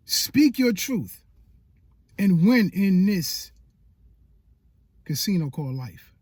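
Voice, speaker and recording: A man's voice: sits high, darkish tone, no echo. A man giving a faith-based motivational talk as a YouTube coach, emphatic and repetitive like a preacher.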